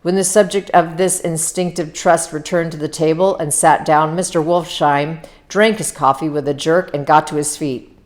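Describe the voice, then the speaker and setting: A woman reads a novel aloud in her own low voice, unpolished and informal. She trips over words now and then and goes back to fix them. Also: steady tone, normal speed. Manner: stumbles over words, breaks off with casual asides. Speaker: reader. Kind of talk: amateur read-aloud of a novel.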